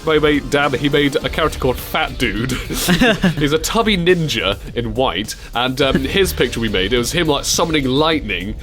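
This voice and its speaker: A man's voice: mid-range voice, lively intonation, normal speed, few pauses, a bit bright, soft background music. A young man hosting a radio show, chatting casually, often giggling and slipping into silly voices. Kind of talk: casual chat.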